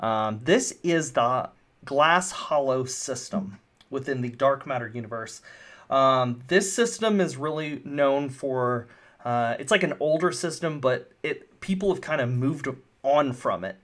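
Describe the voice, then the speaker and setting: A man's voice: mid-range voice, lively intonation, unhurried, fairly bright tone. A man narrating a tabletop game as game master, casual and full of fillers. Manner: casual, rambling with many fillers.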